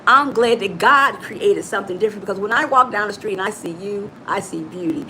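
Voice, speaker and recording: A middle-aged woman from Chicago, a motivational coach giving an animated, preachy talk straight to her listeners. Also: medium pitch, brisk, slight background noise, poor audio. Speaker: motivational coach and podcast host.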